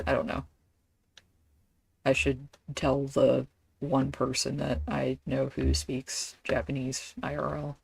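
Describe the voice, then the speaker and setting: A woman's voice: very deep voice, vocal fry, darkish tone, husky, dry recording. A woman streaming a game, chatting casually and rambling with lots of fillers and self-deprecating asides.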